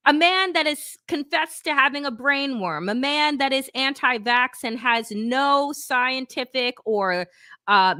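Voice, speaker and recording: A woman's voice: high voice, bright, forceful tone, no echo, studio quality. A middle-aged woman hosting her own show, talking through politics in a casual, indignant way, swearing freely and using lots of fillers. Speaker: political commentary host.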